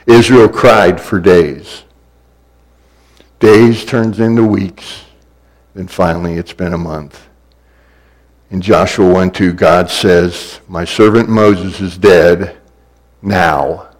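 A man's voice: deep voice, fairly even intonation, slow, pauses often, low-quality recording. A man preaching a sermon in a repetitive, building cadence that swells in places.

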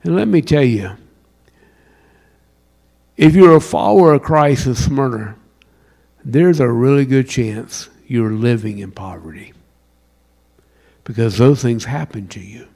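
A man with a Southern US accent from South Carolina, preaching a sermon with wide swings in pitch and loudness. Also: measured pace, creaky, long pauses. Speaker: pastor.

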